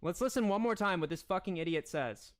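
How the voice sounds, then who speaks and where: A man's voice: high voice, animated, fairly quick. A man hosting a livestream, launching into a profane, confrontational rant. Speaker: livestream host. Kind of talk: profane ranting livestream commentary.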